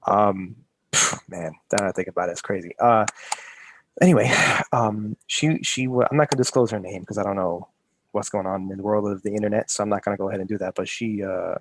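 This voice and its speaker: A man co-hosts a casual podcast from home over a video call, telling a rambling story with many restarts. His voice is fairly low, steady, and brisk, captured through a home video-call setup.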